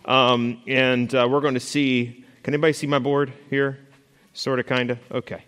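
A man's voice: mid-range voice, flat delivery, moderate pace, fairly bright tone, clear, resonant tone, long reverb tail. A man teaching a Bible study lesson to a class, talking conversationally with fillers and restarts and asking the group questions. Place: classroom or church hall with a board. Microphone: stationary mic he moves away from while walking.

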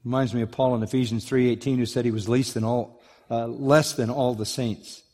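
A man's voice: mid-range voice, steady tone, fairly quick, a little mellow. A man preaching an expository sermon, earnest and emphatic, sometimes acting out the lines he quotes. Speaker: pastor. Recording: long reverb of a large hall.

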